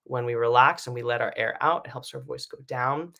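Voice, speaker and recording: A male vocal coach talks through breathing exercises in a relaxed, conversational lesson. His tone is bright and forward at an ordinary middle pitch, and he keeps checking in with "right?" between his points. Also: a little fast, gravelly. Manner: casual explaining with many fillers and "right?" checks. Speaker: singing teacher. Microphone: live stream setup.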